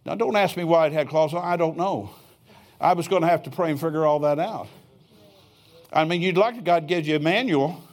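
A man's voice: fairly high pitch, brisk. An older man preaching a sermon in a church, telling stories in a folksy way with chuckling asides. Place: church sanctuary.

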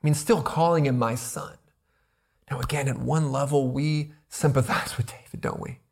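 A man's voice: mid-range voice, steady tone, normal speed, gravelly, a little mellow. A man preaching an expository sermon, earnest and building to emphatic rhetorical questions, often repeating words as he presses a point. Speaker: pastor.

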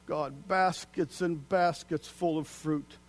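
Male pastor, sermon delivery, slightly higher-pitched voice, dynamic from shouted emphasis to hushed whisper. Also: steady tone, slow pace. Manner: dynamic preaching, swings from loud declaiming to hushed near-whisper.

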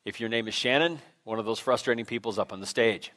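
Male pastor, mid-pitched, informal self-deprecating sermon delivery in a church. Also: quick pace, pushed and bright. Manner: conversational, self-deprecating, with frequent fillers and restarts. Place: church sanctuary.

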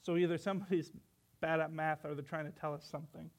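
A man's voice: fairly high pitch, fairly even intonation, fast talker. A young man preaching a sermon, earnest, asking rhetorical questions and reading scripture aloud.

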